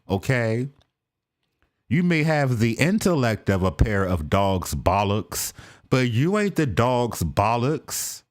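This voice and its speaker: An American man giving casual reaction commentary on a political clip, with animated, mocking asides. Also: mid-range voice, slow. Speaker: video reactor.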